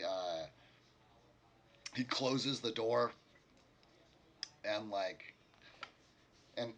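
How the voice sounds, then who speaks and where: A male game master narrating a homebrew tabletop adventure in a loose, rambling way, full of fillers. His voice is bright and forceful at a middle pitch. A faint noise sits under the recording.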